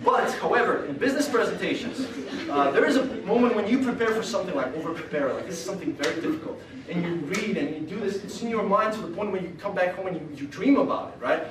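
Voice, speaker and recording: A man's voice: sits high, expressive, fast talker, a crowd in the background. A young man giving a humorous talk on stage, rambling with lots of fillers and laughter, recorded from far off in a lecture hall. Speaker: speaker.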